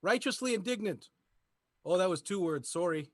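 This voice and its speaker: In an improv scene, a performer plays a laid-back Canadian boyfriend of the Mountie type, using a put-on Canadian accent and terse replies that end in "eh". His voice sits high and a bit bright, with lively intonation at a moderate pace, recorded at studio quality with no room sound.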